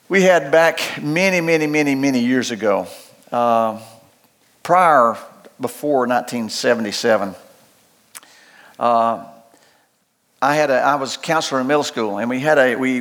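An older man preaching a sermon in a loud, folksy, emphatic way, often restarting his phrases. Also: mid-range voice. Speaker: pastor.

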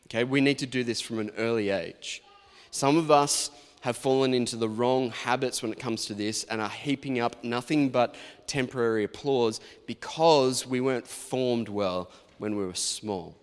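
A man's voice: mid-range voice, normal speed, clean tone. A man in his forties, a pastor giving a sermon in a chatty, anecdotal storytelling manner. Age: 40s. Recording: long reverb of a large hall.

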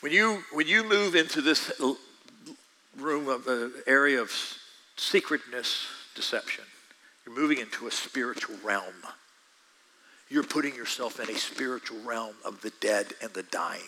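A man preaching a sermon, talking straight to his listeners with quick asides. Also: mid-range voice, bright, forceful tone, rough recording.

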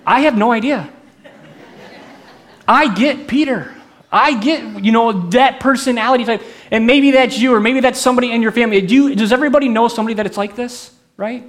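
High-voiced man preaching animatedly. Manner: animated, conversational preaching with questions to the congregation. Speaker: pastor. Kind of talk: sermon.

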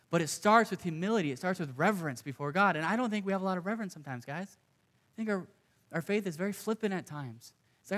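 Young male pastor, slightly high voice, earnest and chatty from the pulpit. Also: fast talker, a bit bright. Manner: earnest, conversational preaching with asides. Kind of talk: sermon.

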